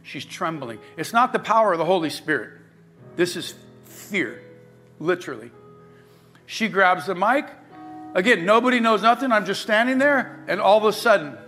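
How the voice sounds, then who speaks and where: Brief: middle-aged male pastor, high and bright, animated storytelling sermon, soft guitar playing underneath. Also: normal speed. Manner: animated storyteller, acts out quoted voices. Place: church sanctuary. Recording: faint guitar music behind.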